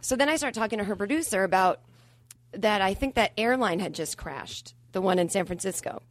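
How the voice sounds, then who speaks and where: Animated woman comedian, dry sound. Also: medium pitch, fairly quick, dry recording. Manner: animated, acts out quoted voices. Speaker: comedian guest. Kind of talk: storytelling in casual chat.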